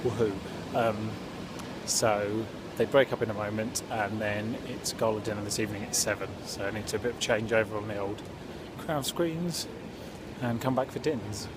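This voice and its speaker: Strolling indoors and along city streets, a young man vlogs casually on a handheld camera, chatty and making fun of himself. His voice is on the low side with fairly even intonation at normal speed, and background noise is audible.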